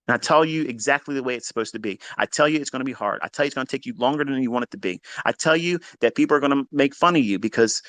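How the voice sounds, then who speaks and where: A man's voice: medium pitch, fairly bright tone, no echo. A man coaching traders in a blunt, profane motivational monologue. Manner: profane, emphatic, preachy. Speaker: trading coach.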